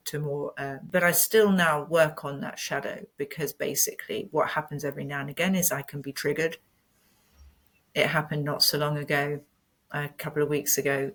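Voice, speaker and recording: A woman in her fifties, a podcast guest telling a personal story in an earnest, candid way. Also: deep voice. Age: 50s. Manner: earnest and candid, animated when retelling.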